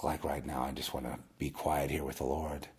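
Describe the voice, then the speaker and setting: Deep husky guy rambling thru his testimony, loud bursts then dropping real quiet. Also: little pitch movement, fairly quick. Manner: rambling, many restarts, swings from loud bursts to low murmurs. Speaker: video host. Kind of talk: personal testimony monologue.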